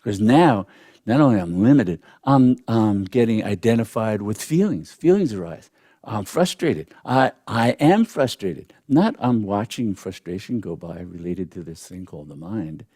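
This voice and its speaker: Lively-voiced older man teaching meditation. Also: lowish voice, no room sound, studio quality. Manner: reflective, with soft "mm" and "hmm" pauses. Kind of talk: spiritual teaching talk.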